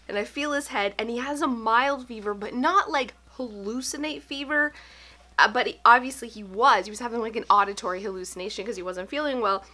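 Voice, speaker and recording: Bright, animated woman vlogger. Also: on the high side, fairly quick. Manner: animated, breathless retelling with bursts of laughter. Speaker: home organizing vlogger. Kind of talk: casual storytelling to camera.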